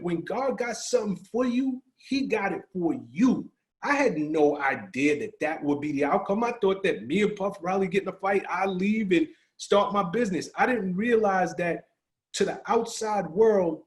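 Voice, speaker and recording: A middle-aged man, a podcast guest, telling a personal story in casual talk and acting out the dialogue. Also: sits high. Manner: animated, acts out quoted dialogue.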